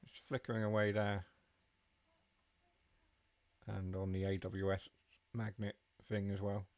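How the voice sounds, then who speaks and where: On a dry recording, a man with a lowish, slightly mellow voice streams a train simulator at a measured pace and with flat delivery. Chatty with his viewers, he answers chat as he drives in this live gameplay commentary.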